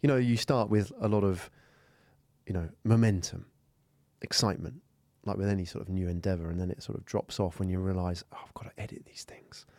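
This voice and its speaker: Low-voiced British podcast host. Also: male voice, fairly even intonation, a little fast, a little mellow, no echo. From United Kingdom. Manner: encouraging, reflective interviewer. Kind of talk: casual interview chat. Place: podcast studio.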